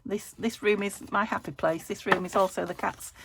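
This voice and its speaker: A woman's voice: medium pitch, fairly even intonation, moderate pace, gravelly, background noise. A British woman hosting a crafting vlog from her home craft room, chatting as she works, thinking aloud and laughing often. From United Kingdom. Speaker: crafting channel host.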